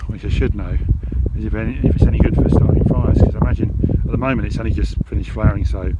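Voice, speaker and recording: A fairly low-pitched Englishman talks fast to his camera as he hikes over hills, easygoing and chatty, filling pauses as he thinks and sometimes panting on the ascent. The recording is very noisy, dull and lo-fi, with background music.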